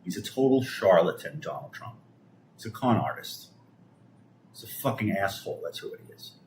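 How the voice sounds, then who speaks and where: Low-pitched and darkish yet animated, this middle-aged Brooklynite's voice carries a foul-mouthed, scornful political rant on a live stream, halting with frequent restarts. Reverberant audio, with a little hiss or hum.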